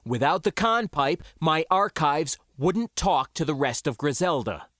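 A man reading his own science fiction story aloud in the first person, with expressive, dramatic delivery. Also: on the high side, measured pace, no echo, studio quality. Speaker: author and narrator. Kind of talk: first-person audiobook narration.

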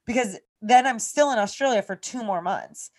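A woman's voice: fairly high pitch, normal speed, a little mellow. A woman in her thirties from Massachusetts, co-hosting a podcast and telling a long personal story in casual, profane speech full of "like". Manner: profane, rambling, heavy use of "like". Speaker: podcast co-host.

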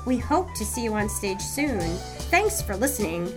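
A woman's voice: fairly high pitch, sing-song, moderate pace. A woman host reading podcast announcements and credits in an upbeat way. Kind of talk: scripted announcement. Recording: voice over music.

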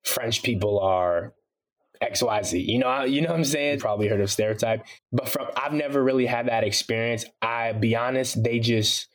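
A man chatting as a guest in an interview, easy and unhurried. His talk is loose and slangy, sprinkled with "you know" as he thinks aloud. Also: medium pitch. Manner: relaxed, loose slangy talk with many fillers. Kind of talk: casual interview chat.

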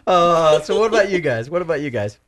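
Animated, laughing male podcast co-host. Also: on the high side, a little fast, no room sound, studio quality. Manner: laughs often, animated retelling. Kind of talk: casual book discussion.

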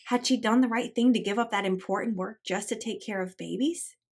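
Woman podcaster doing a bible study, encouraging and chatty, talks right to the moms listening, mid-pitched. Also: fairly quick, breathy edge. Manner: earnest and encouraging, speaks straight to listening moms; reads scripture and story passages aloud between chatty asides. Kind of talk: conversational Bible study teaching.

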